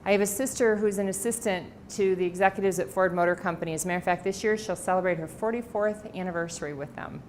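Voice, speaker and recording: A woman's voice: medium pitch, fast, hardly any pauses, slight background noise. A middle-aged woman giving a library talk as an author, telling family stories with quoted dialogue. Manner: warm anecdotal storytelling with quoted dialogue. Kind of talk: personal storytelling talk. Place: library presentation room.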